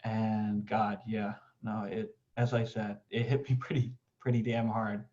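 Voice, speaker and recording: A man's voice: lowish voice, little pitch movement, unhurried, darkish tone. A man hosts a reading event in a casual, effusive way. He swears freely and stops and restarts with fillers. His voice comes through dull and lo-fi. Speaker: host of reading series. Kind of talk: casual chat.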